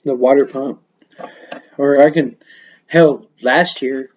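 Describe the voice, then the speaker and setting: A man's voice: mid-range voice, steady tone, takes it slowly, a little mellow, dull audio. A man hosting a casual podcast, telling rambling stories full of swearing and laughter. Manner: profane, laughing, rambling storyteller. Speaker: podcast host. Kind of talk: casual storytelling. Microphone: webcam mic.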